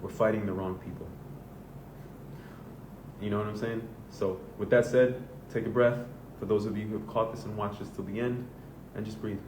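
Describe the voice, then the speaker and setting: A man's voice: fairly even intonation, moderate pace, distant mic. A man, a men's coach from the Southern US, giving a casual, earnest motivational monologue and swearing freely. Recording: echoey room with rumbling noise.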